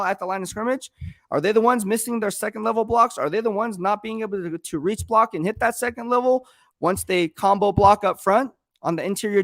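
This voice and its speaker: A man's voice: sits high, no room sound. Emphatic sports-talk man, dry sound. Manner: emphatic, rhetorical questions, repeats points. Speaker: sports commentator host. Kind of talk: casual live-stream sports talk.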